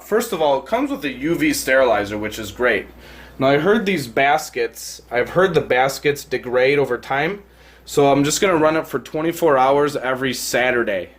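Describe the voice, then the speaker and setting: A man giving a casual hands-on product demo at home beside a tank, filming on a handheld phone and rambling with lots of fillers and self-corrections. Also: mid-range voice. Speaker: product reviewer.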